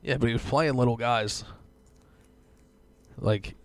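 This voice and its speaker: A man's voice: medium pitch, slow pace. A man, hosting a podcast with wry, laid-back teasing. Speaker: podcast host and editor. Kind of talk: casual podcast banter.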